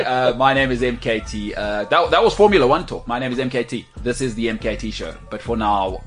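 Man, podcast host, teasing and jokey, mid pitch, faint music behind. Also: a little fast, few pauses, a bit bright. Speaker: show host. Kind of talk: podcast banter.

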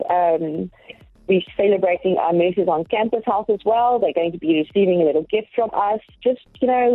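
A woman, a nursing lecturer, speaking in a measured, thoughtful way with frequent pauses as a phone-in guest on a morning radio show. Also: lowish voice, slightly rough, dry recording. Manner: measured, thoughtful, many ums. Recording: tinny phone line.

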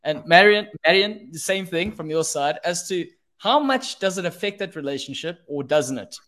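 A playful man from South Africa hosts a casual podcast over a video call. His voice is a touch higher than most men's. He sounds friendly and keeps tossing questions to his guests. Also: animated, moderate pace, fairly bright tone. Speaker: podcast host.

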